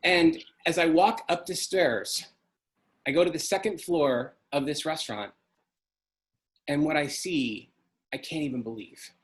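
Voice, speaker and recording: A man's voice: fairly high pitch, measured pace, long pauses. A middle-aged man telling a personal story in an earnest, emotional way. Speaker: speaker.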